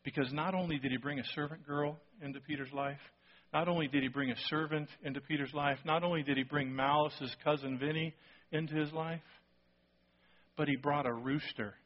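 A man preaching a sermon, telling a story with lively acted-out quotes and sudden drops to a hushed voice for emphasis. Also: a little high, a little fast, highs cut off. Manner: animated storytelling, acting out quotes, dropping to a hush for emphasis. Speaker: pastor.

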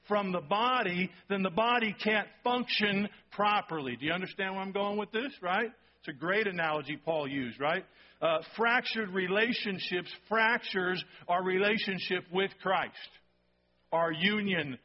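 A man's voice: high-pitched, dull audio. A male pastor preaching a sermon in church. He talks conversationally to the congregation and keeps checking in with "okay?" and "right?".

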